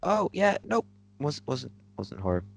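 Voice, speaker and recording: A man's voice: fairly high pitch, sing-song, a little slow, vocal fry, slightly rough. A man co-hosting a casual anime chat, teasing and sarcastic in tone. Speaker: podcast co-host.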